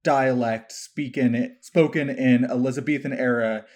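A man speaking at an ordinary mid pitch, co-hosting a casual podcast chat. He lays out his points step by step and adds a dry, sarcastic edge. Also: steady tone, measured pace, a little mellow. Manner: explanatory, dryly sarcastic. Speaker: podcast co-host.

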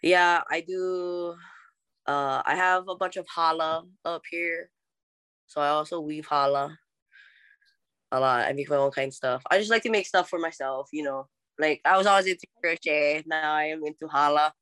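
Podcast guest: young woman with a Hawaiian accent, relaxed and talkative, often laughing, dry close sound. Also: deep voice, moderate pace, clean tone, dry recording. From Oahu, Hawaii. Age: young adult. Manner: chatty, laughs often, mixes in Hawaiian words. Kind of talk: casual conversational interview.

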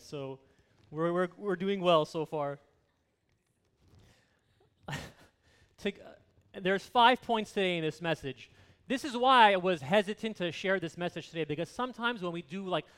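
A man's voice: on the high side, normal speed, pauses often, a bit bright, smooth. A man in his thirties preaching a sermon in an earnest, conversational way, repeating key words for emphasis. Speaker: pastor.

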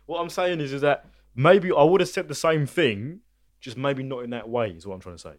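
A man's voice: mid-range voice, fairly quick. A man as a podcast guest, laid-back but defensive in casual chat, ending points with "right?".

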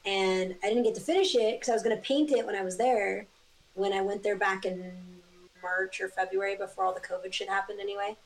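Animated, foul-mouthed woman telling stories. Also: medium pitch, fairly quick, low-quality recording. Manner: animated storyteller, swears often. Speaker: guest artist. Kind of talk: casual chat.

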